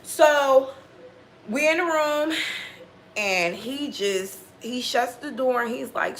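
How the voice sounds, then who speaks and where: In a high-pitched voice with lively intonation, a woman slowly recounts a personal story in a casual monologue, with a little hiss or hum in the background. Heavily profane and blunt, she acts out the quoted dialogue of others.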